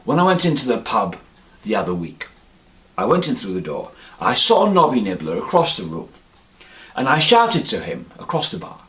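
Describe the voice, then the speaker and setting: A man's voice: medium pitch, wildly swooping pitch, normal speed, fairly bright tone. A middle-aged man from England delivering a rambling, pompous comic monologue, forever adding "you see". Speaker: comedic monologue performer.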